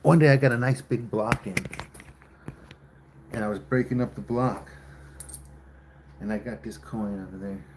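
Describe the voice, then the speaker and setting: A man's voice: lowish voice, moderate pace, pauses often, slight background noise. Chatty man teasing his livestream chat. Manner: chatty, teasing, guessing names out loud. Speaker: livestream host. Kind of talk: casual live-stream chat with viewers.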